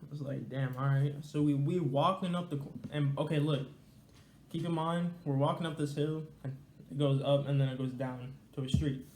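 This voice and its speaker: A man's voice: on the high side, a little mellow, roomy sound, slight background noise. A young man telling a casual, slangy, rambling story to his viewers. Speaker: storyteller vlogger.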